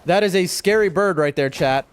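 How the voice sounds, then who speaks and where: A young man streaming a game, chatting excitably to his viewers as he plays. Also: high voice, normal speed, smooth. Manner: chatty, excitable, often addresses chat. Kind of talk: live gameplay commentary to chat. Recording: faint music behind voice.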